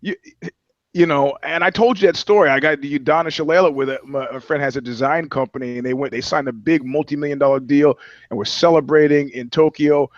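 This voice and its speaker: A man's voice: on the high side, fairly quick, no echo, dull audio. A man talking as a podcast guest, telling loose, profane anecdotes in casual chat. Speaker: guest, touring musician.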